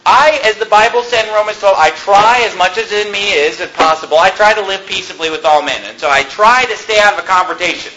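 A man's voice: high voice, a little fast, hardly any pauses, pushed and bright, a little hiss or hum. A male pastor telling a story from the pulpit in an emphatic, conversational way, chuckling now and then. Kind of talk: sermon storytelling. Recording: echoey room.

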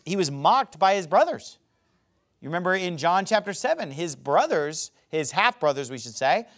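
A man preaching a sermon, speaking emphatically and rising into loud dramatic quotations of scripture. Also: high-pitched.

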